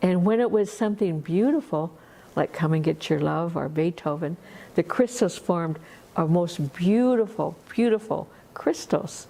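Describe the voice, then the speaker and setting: A woman telling a story at a festival in an unhurried, conversational way, full of asides. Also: fairly low pitch, animated, creaky, warm tone. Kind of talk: oral storytelling.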